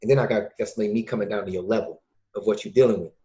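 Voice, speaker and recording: A man from Illinois, a podcast guest and youth mentor, talking casually and acting out quoted dialogue with lively changes of voice. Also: fairly low pitch, fast talker. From Lake County, Illinois, USA. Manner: lively storyteller who acts out quoted dialogue. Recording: dull lo-fi recording.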